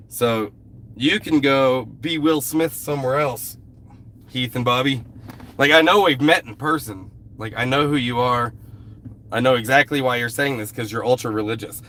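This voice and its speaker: A man's voice: medium pitch, a bit bright, slight background noise. Blunt, cussing man streaming with a cold. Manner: blunt, heavy swearing, irritated with a commenter. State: fighting a cold, coughing. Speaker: live streamer. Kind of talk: casual live stream chat. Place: outdoors at a rural camp.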